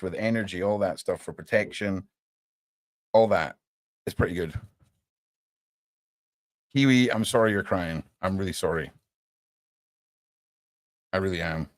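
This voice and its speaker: A man's voice: fairly low pitch, dry recording. A man hosting a casual live stream, talking to his viewers, calling them mate and swearing now and then. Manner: animated, swears casually, addresses chat as mate. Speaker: livestream podcast host.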